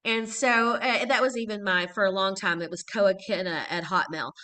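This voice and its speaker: A middle-aged woman from Texas, an actress telling stories in a casual interview, animated and laughing often. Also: mid-range voice, normal speed. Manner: animated storyteller, laughs often, acts out quotes. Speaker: guest actress.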